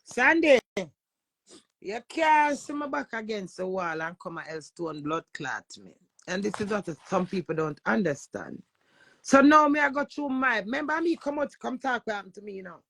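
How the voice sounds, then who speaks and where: A Jamaican woman hosts a live stream, talking in a forceful, swearing rant. Her voice is gravelly with a sharp, bright edge. The sound is close and dry. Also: mid-range voice, big pitch swings, moderate pace, no room sound. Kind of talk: casual live chat.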